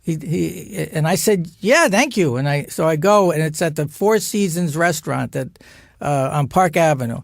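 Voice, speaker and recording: Guy telling stories, acts out everyone, high voice, dry close mic. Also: moderate pace, creaky, no echo. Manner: animated, acts out quotes in a higher voice, laughs often. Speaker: guest actor telling stories. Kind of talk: casual storytelling chat.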